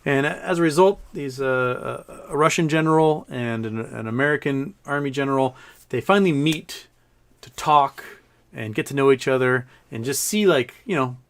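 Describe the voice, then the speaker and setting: A man's voice: medium pitch, moderate pace, a bit bright. Rambling, joke-telling male livestream host. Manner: joking, rambling, laughs at his own jokes. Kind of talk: casual livestream chat.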